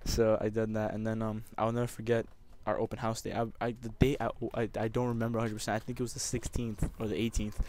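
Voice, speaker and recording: A man's voice: on the low side, completely flat delivery, fast talker, few pauses, background noise. A young man telling a personal story over gameplay commentary, emotional and rambling, with many restarts. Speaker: gamer.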